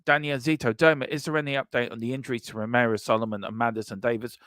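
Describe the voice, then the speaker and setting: A man's voice: medium pitch, fairly even intonation, fast, a bit bright, no echo, clean studio sound. Boisterous man hosting a stream. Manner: boisterous, boastful, reads out chat messages. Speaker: host of a football transfer news show. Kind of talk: casual live-stream chat.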